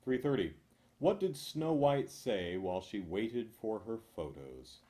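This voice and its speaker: Slow deadpan man reading jokes. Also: lowish voice. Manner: deadpan, dry asides, chuckles at own jokes. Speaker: joke reader. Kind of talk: reading jokes aloud with asides.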